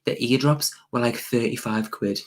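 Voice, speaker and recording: A young man chats on a home live stream. He gets animated and opinionated, piling up fillers and restarts as he rants. His pitch sits in the middle for a man. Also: normal speed. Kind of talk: casual live-stream chat.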